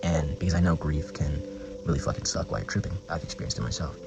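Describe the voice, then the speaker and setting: A man's voice: very deep voice, steady tone, fast talker, creaky, poor audio. A young man vlogging a casual story in a rambling, slangy way, swearing often and using lots of filler words. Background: background music.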